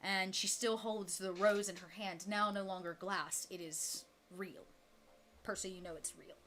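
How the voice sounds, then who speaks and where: A woman narrating a tabletop role-playing game as game master, soft and unhurried, with frequent fillers. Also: mid-range voice, steady tone, a little hiss or hum.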